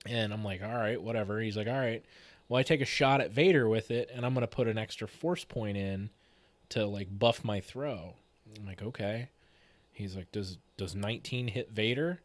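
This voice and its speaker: A man's voice: lowish voice, normal speed, dry recording. A man casually telling a funny story about a tabletop game he ran, quoting his players with lots of energy. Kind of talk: casual anecdote retelling a tabletop game session.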